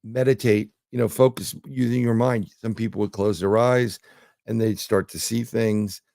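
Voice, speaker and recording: Here a New York City guest, a remote viewer, talks in a fairly low, warm voice with vocal fry, fairly even intonation and normal speed. The studio recording is clean with no room sound, and his casual interview storytelling rambles along with fillers and restarts.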